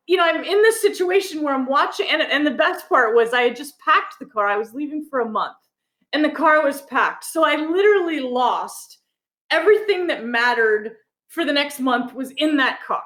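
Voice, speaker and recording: A woman, a guest author, telling a personal story in a relaxed interview and laughing now and then. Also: sits high, echoey room. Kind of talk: conversational storytelling.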